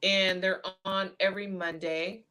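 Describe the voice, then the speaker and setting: A woman's voice: medium pitch, flat delivery, a little slow, pushed and bright. A woman hosting a boxing podcast, chatty and giggly in casual panel talk over a video call. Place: hotel room in England, on a video call.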